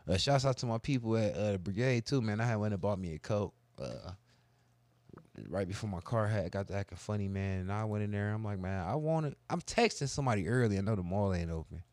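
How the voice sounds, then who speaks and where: A man on a casual talk show, telling crude, boastful stories in a profane, animated way. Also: fairly low pitch, fast talker, dry recording. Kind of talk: casual storytelling chat.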